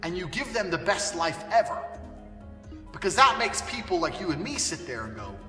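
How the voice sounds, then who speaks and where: A man's voice: sits high, big pitch swings, normal speed, sharp tone, recorded from a distance. A man delivering a blunt, profane, emphatic monologue. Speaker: speaker giving a self-help rant. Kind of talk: ranting monologue. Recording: echoey hall, voice from afar, faint music.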